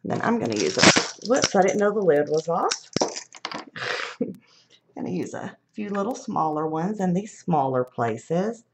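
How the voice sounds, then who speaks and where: A chatty middle-aged woman with a somewhat low voice talks through a live craft demo. She thinks aloud as she works and laughs off her own slips. Her tone stays friendly and unhurried. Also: very animated, slight background noise. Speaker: craft demonstrator.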